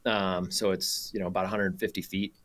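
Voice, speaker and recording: A man's voice: low-pitched, level tone, a little fast, fairly bright tone. An American man, a podcast guest, telling a story casually, laughing often and restarting sentences.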